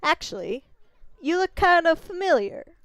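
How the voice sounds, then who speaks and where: A woman voicing a tiny, cocky male wandering artist who brags loudly and gets excited fast, reading game dialogue aloud. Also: extremely high pitch, no room sound, voice pushed up, heavily acted. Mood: brash. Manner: brash, bragging, excitable.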